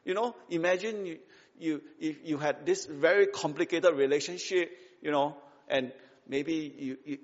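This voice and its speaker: A man preaching a sermon in a conversational, emphatic way, full of rhetorical questions and tag questions. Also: a little high. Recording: dull sound with long hall reverb.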